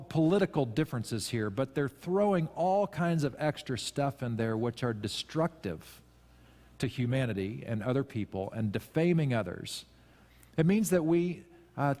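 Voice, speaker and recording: A man's voice: medium pitch, darkish tone. Conversational male pastor in a reverberant hall. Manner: conversational and self-deprecating, with emphatic rises. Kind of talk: sermon. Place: church sanctuary.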